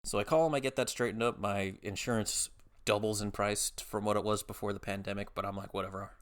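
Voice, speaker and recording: A man's voice: fairly low pitch, steady tone, fast. A young man hosting a casual solo podcast, rambling and self-mocking, swearing and slangy, tired after a migraine. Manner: rambling, self-mocking, acts out others in quoted voices. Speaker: podcast host.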